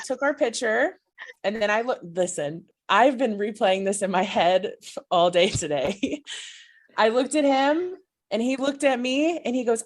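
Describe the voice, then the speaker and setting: A woman's voice: a little high, a little slow. A woman co-hosting a podcast, gushing through a fan story with lots of giggles. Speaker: podcast co-host. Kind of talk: excited storytelling chat.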